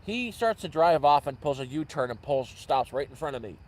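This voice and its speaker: A man with a fairly high pitch and lively intonation talks briskly over a low-quality recording. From an outdoor camp at night, he livestreams rambling stories, regularly fixing his words mid-sentence.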